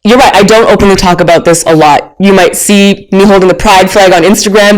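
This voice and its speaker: A woman in her thirties, a guest author on an interview, talking candidly in a lively way. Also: medium pitch, a little fast, hardly any pauses, low-quality recording. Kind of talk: conversational interview.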